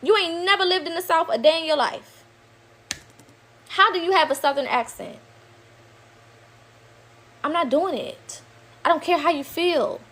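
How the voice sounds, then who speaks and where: A woman's voice: very high voice, measured pace, pauses often, fairly bright tone. A woman in a played video clip, speaking in an indignant, emphatic and profane heated monologue that repeats her points.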